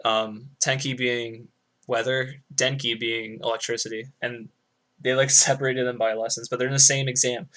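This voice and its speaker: A man's voice: medium pitch, flat delivery, moderate pace, a bit bright. Rambling young man, casual commentary. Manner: rambling and loose, lots of "like", swears freely; explaining Japanese words like a student. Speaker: speedrunner. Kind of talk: casual commentary over a game run.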